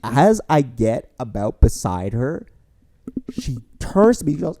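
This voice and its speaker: A man's voice: on the high side, wildly swooping pitch, normal speed, mellow. A young man co-hosting a podcast, telling stories in a rambling casual way with many fillers. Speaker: podcast co-host. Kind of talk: casual storytelling chat.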